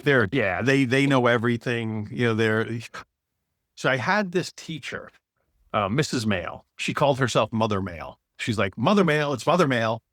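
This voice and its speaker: A man talking as a podcast guest, telling a lively story and acting out the people in it. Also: mid-range voice, moderate pace, no echo, clean studio sound. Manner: animated storyteller, acts out quoted voices. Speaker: podcast guest, author and speaker. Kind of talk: casual storytelling conversation.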